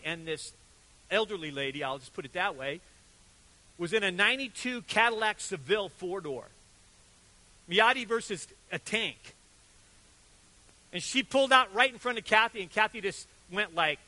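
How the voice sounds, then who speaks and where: Bright-voiced older man preaching. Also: high voice, low-quality recording. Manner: animated storytelling, acts out quotes with sudden loud and soft turns. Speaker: pastor. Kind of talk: sermon.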